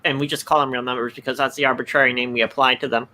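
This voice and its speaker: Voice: medium pitch, flat delivery, racing, bright, forceful tone, slight background noise. A guest in a casual group chat, speaking in a dry, matter-of-fact, slightly pedantic way.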